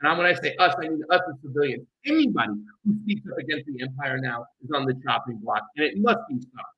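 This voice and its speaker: Male co-host, heated rapid rant, high voice, muffled recording. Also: animated. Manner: heated, rapid, ranting delivery. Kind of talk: political commentary show.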